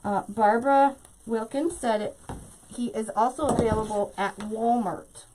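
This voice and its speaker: Woman craft host, slightly high voice, chatty and quick to laugh while talking to viewers. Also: fairly even intonation, dark tone, a little hiss or hum, rough recording. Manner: chatty, laughs often, talks to viewers directly. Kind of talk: chatty live craft tutorial.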